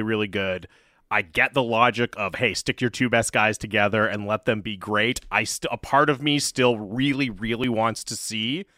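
A man co-hosting a casual sports podcast, animated and conversational, with many "like"s. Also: mid-range voice, no echo, studio quality. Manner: animated, conversational, uses "like" a lot. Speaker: podcast co-host.

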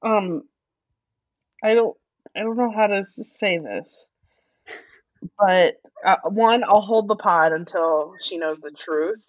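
A woman's voice: medium pitch, slow pace, long pauses, dry recording, lo-fi sound. A woman co-hosting a podcast, speaking in casual chat, hesitant and apologetic. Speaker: podcast co-host.

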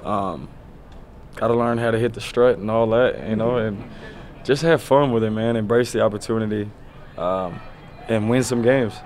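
In a press conference area, a laid-back pro football player fields questions from the press. He sounds relaxed and loose, sprinkling in lots of "you know," and speaks at a normal speed in a lowish voice.

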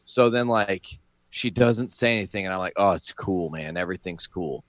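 A man in casual chat, telling a school story, swearing freely and acting out the people in it. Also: normal speed. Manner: swears freely, acts out panicked high-pitched quotes.

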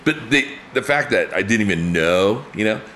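He's a man in his fifties, a guest in a relaxed conversation, spinning animated stories where he performs quotes with sharp pitch jumps and laughs a lot. His speed is normal, and there's a bit of background noise.

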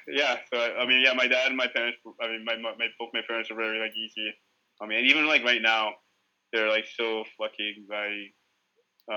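Man, podcast guest, casual storytelling, rambling and profane, very bright tense voice. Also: medium pitch, rough recording. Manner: rambling, profane, heavy use of filler "like".

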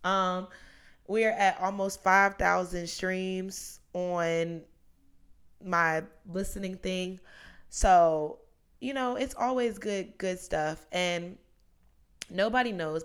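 Woman in her twenties, lower voice, hosting a podcast alone, loose and chatty with tangents. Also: smooth. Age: 20s. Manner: chatty, rambling, goes off on tangents. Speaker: podcast host. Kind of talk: casual solo podcast monologue.

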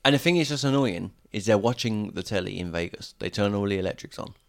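Low-voiced easygoing man. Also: animated, quick pace, vocal fry. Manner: easygoing, agreeable, laughs often. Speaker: podcast co-host. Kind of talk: casual film discussion.

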